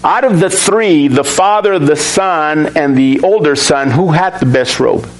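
A man's voice: a little high, unhurried, poor audio. A man preaching a sermon to his church and asking the congregation questions. He acts out the lines of the Bible characters as he reads them. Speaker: pastor.

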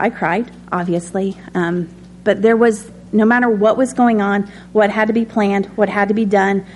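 A woman's voice: medium pitch, darkish tone, a little hiss or hum. A woman teaching a conversational sermon. She speaks in a personal tone, with many ums and light laughs. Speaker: Bible study teacher.

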